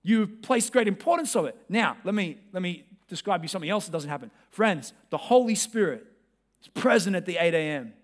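A man preaching a sermon as pastor, talking conversationally and directly to his congregation, sometimes pressing hard and sometimes dropping to a hush. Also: high voice, lively intonation, brisk.

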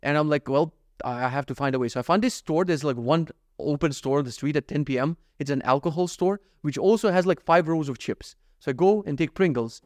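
A man's voice: fairly high pitch, brisk, few pauses, darkish tone, no echo. A young man hosting a podcast, talking candidly and self-critically in a rambling, profane confessional monologue into a close mic. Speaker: podcast host.

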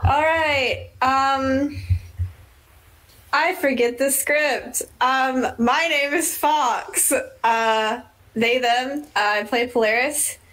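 A woman with a slightly high voice introduces herself at a tabletop game, slow and halting. She fills gaps with um and uh. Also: a bit bright, low-quality recording. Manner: hesitant, many ums. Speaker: player. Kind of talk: casual self-introduction.

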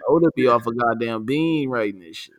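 A man's voice: mid-range voice, brisk. A man co-hosting a podcast, talking in hyped, slangy casual chat and often saying "listen". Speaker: podcast co-host.

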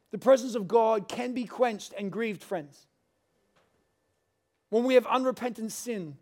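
High-voiced man preaching. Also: darkish tone. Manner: earnest, conversational storytelling. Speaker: pastor. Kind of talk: sermon.

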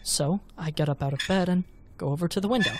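An actor playing a jumpy, excitable teenage boy who talks casually. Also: on the high side, fast, noisy background, close to an everyday voice. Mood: eerie telling. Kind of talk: audio drama acting.

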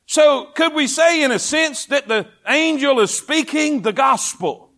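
A man's voice: extremely high pitch, animated, a little slow, pushed and bright. A male pastor preaching a sermon in a church, impassioned and repetitive, calling the congregation to respond. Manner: impassioned, repeats phrases, calls for congregation response. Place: church sanctuary.

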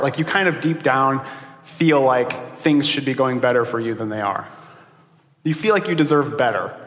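Man preaching in an echoey hall. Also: mid-range voice. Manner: conversational preaching, rising to animated emphasis. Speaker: pastor. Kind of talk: sermon. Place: church sanctuary.

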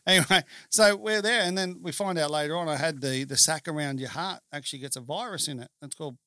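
A man's voice: a little high, brisk, bright, forceful tone, no echo, clean studio sound. A man in a casual chat telling a story with humour, acting out what people said. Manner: jokey storyteller, acts out quotes.

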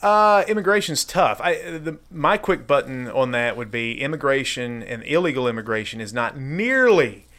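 A man talking as a guest on a casual podcast, quick and conversational, with frequent restarts. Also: medium pitch, very animated, fairly bright tone. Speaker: guest, political candidate. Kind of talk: casual chat.

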